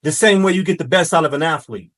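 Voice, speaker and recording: Guy with a high voice doing a fired-up commentary, preachy, gets shouty. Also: quick pace. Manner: preachy, emphatic, rising to shouts. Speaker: commentary host. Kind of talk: impassioned reaction commentary.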